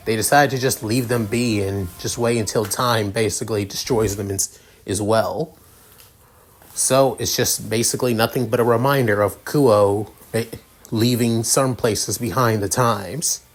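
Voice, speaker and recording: A young man narrates a fan story off the cuff, rambling and restarting his sentences often. His voice sits at an ordinary middle pitch for a man.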